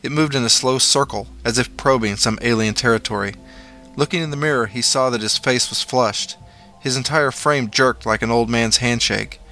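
A man reading a horror story aloud in a measured, dramatic storytelling manner. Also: mid-range voice, sharp tone, faint music behind. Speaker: narrator. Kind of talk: scripted horror story narration.

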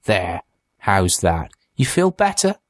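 A man's voice: low voice, sing-song, slow pace, no echo, exaggerated voice. A man voicing a bitter, taunting undead creature, the narrator's monstrous brother, in an audiobook. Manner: taunting, scornful. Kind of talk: audiobook character voice.

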